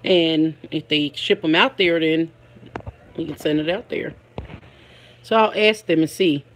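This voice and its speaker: A woman's voice: deep voice, measured pace. A woman with a Philadelphia accent chats casually on a live stream from home. She is talkative, laughs often, and keeps calling out to her viewers by name. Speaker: livestream host.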